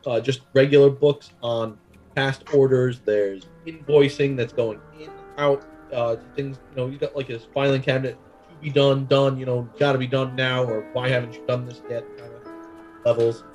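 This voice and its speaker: A man running a tabletop game as game master, describing scenes and ruling calmly. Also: medium pitch, moderate pace, faint music behind.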